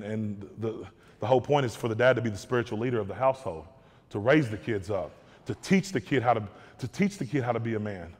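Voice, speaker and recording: Earnest man speaking in an echoing hall. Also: lowish voice. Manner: candid, earnest, repeats words as he searches. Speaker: guest speaker. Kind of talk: testimony talk. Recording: long hall reverb.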